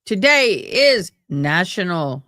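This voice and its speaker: Woman host, chatty live commentary, low-ish voice with big swings, unhurried, dry close sound. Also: big pitch swings, pushed and bright, no echo. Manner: chatty, bantering with viewers. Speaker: livestream host commenting on a trial.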